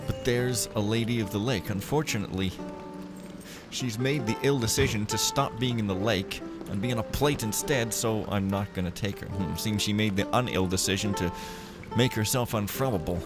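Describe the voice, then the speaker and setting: A man's voice: fairly low pitch, moderate pace, music in the background. A man giving casual, rambling commentary while playing a stealth game, joking to himself as he goes. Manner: playful, rambling, jokey asides. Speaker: let's play gamer.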